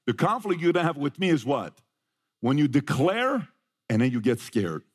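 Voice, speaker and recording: A middle-aged man holds a live audience with a personal story, breaking off to ask the crowd questions. He slips into his sons' voices when he quotes them, then comes back to his own. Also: mid-range voice. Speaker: motivational speaker. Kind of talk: live motivational talk to an audience.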